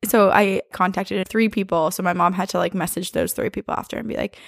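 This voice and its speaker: A young woman co-hosting a podcast in casual chat, chatty and quick to laugh, with a voice that is nearly gone. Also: mid-range voice, steady tone, creaky, no echo, clean studio sound. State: nearly lost her voice. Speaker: podcast co-host.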